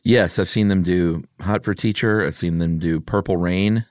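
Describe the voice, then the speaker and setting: A man's voice: deep voice, fairly even intonation, normal speed, a little mellow, dry recording, clean studio sound. A middle-aged man hosting a podcast in laid-back, teasing casual chat. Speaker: podcast host.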